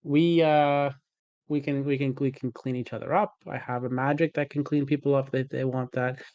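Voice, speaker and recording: A man's voice: steady tone, normal speed, a little mellow, dry recording, highs cut off. A man playing a tabletop game, talking in character in a rambling, playful way like a company boss. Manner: rambling, playful pitch as a self-styled CEO. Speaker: player.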